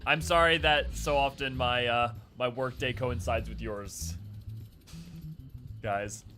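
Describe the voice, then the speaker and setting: A man's voice: mid-range voice, slow pace, over music. A man chatting casually on a game live stream and greeting viewers by name.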